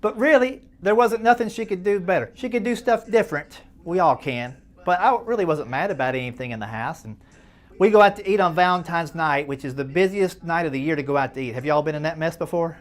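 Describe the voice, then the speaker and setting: A man's voice: a little high, a little fast. A man doing stand-up comedy, folksy and self-deprecating, chatting with the crowd as he tells stories. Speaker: stand-up comedian at a charity dinner.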